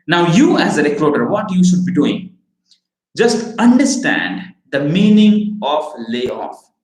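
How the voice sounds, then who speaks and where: Male trainer, slow deliberate delivery, voice a bit high, roomy echo around him. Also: darkish tone. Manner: slow, emphatic teaching with frequent "okay?" and "right?" checks. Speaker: recruiting trainer. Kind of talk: training lecture.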